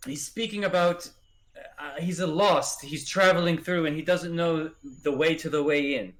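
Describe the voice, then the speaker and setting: A man's voice: a little high, a bit bright, natural voice. A man doing an insistent crossbow-wielding stranger. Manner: stammering, rushed insistence.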